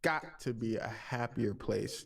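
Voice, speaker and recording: A man's voice: on the low side, takes it slowly, vocal fry. A young man, a streamer host, casually retelling a true story with slangy, jokey commentary.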